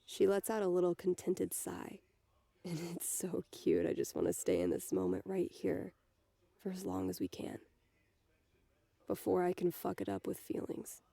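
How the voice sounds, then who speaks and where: A woman reads a novel aloud in a low, gravelly, mellow voice. She narrates softly in the first person and slips quietly into the dialogue. The sound is dry and close. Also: big pitch swings, normal speed, no echo. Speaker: reader.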